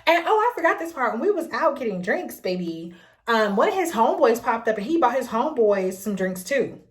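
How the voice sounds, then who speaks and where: A young adult woman telling a dating story in a vlog, sassy and animated, with laughing asides. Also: on the high side, a little fast. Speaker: vlogger.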